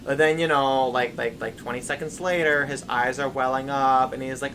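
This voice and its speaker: A man's voice: medium pitch, steady tone, moderate pace, few pauses, a bit bright, a little hiss or hum, low-quality recording. A young man chatting casually, telling rambling stories full of "like" and "right?". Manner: rambling storyteller, many filler likes and rights. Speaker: English teacher of young kids; stream co-host. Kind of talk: casual chat.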